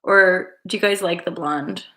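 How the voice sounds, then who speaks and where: A woman's voice: on the low side, measured pace, fairly bright tone, roomy sound. A woman hosting a casual live stream and chatting with her viewers in a rambling, playful, affectionate way. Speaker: livestream host.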